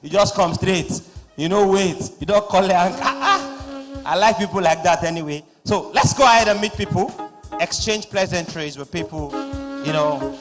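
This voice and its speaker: Nigerian male MC, playful and loud with pidgin asides, slightly high voice, long hall reverb. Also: normal speed, over music. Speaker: master of ceremonies. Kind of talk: live event hosting. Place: large conference hall. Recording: echoing hall through PA.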